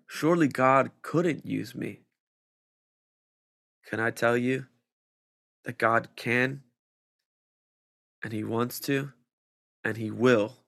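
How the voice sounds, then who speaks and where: A man preaching a sermon, reading scripture and pressing his points with slow, emphatic delivery that climbs in intensity. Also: mid-range voice, creaky, a bit bright, no room sound, clean studio sound. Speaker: pastor.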